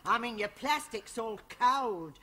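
A fussy older mum. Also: female voice, fairly high pitch, animated, measured pace. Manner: fussy, rambling. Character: fussy, dotty London mother. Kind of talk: 1970s studio sitcom acting. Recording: hissy old TV soundtrack.

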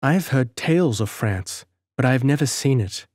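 A man gives a lightly raised voice to a gentle young village girl from a storybook, shunned and sorrowful, who speaks softly and earnestly. The recording is dry and close, with no room sound. Her wistful lines move along at a middling pitch. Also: expressive, moderate pace, dry recording, natural voice. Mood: hopeful. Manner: soft, earnest and wistful delivery. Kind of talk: audiobook character reading.

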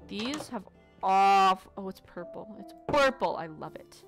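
A woman's voice: mid-range voice, expressive, unhurried, soft background music. A woman casually commentating her gameplay, playful and foul-mouthed, chatting to the animals she meets. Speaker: let's play gamer.

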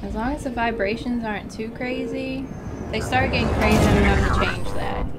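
A woman hosting a gaming video, chatting in a bubbly, excitable let's-play style. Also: fairly high pitch, fairly quick, heavy background noise.

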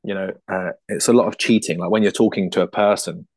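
Lively British man, lowish voice. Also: dry recording. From United Kingdom. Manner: animated, laughs often, quick restarts. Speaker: puppeteer guest. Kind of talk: casual interview chat.

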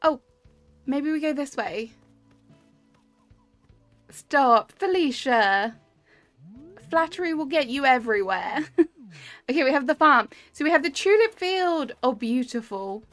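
High-voiced cheerful woman streamer. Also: expressive, a little slow, long pauses. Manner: chatty, cheerful, greets chat by name. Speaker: streamer touring game islands. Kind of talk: casual live-stream commentary. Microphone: webcam with desk mic. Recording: dry close mic, game music behind.

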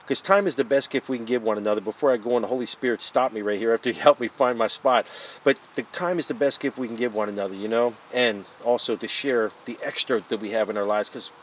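A man's voice: medium pitch, fast talker, slight background noise. A man preaching a devotional Bible study outdoors under a tent, fervent and emotional, calling listeners "guys" and "man". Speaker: street preacher.

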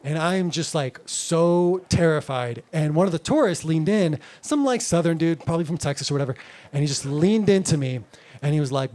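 High-voiced, animated male stand-up comic. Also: normal speed. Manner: animated, slangy, lots of "like" and "bro". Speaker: stand-up comedian. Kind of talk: stand-up comedy. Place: live comedy club.

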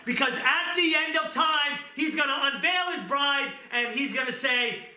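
A middle-aged male pastor preaching an impassioned sermon, moving from quiet talk to shouting. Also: very high voice, moderate pace, background noise. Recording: roomy echo.

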